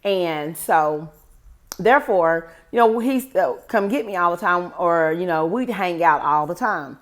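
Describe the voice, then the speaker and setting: A woman's voice: lowish voice, lively intonation, unhurried. A woman in her forties telling a personal story to her viewers in a chatty, rambling way, often calling them "guys". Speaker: vlogger. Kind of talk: casual storytime to camera.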